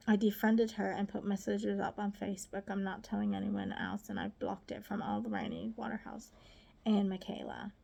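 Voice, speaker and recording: A woman reading her own diary aloud, soft and often half-whispered, halting and grieving. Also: medium pitch, vocal fry. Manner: halting, with restarts. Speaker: diary reader.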